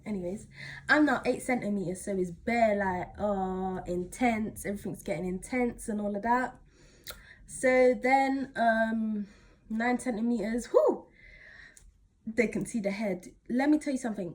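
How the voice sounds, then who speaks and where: Husky chatty teen girl. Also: on the high side, a little slow. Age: teens. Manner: chatty, animated retelling with slang fillers. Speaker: vlogger. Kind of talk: casual storytelling to camera.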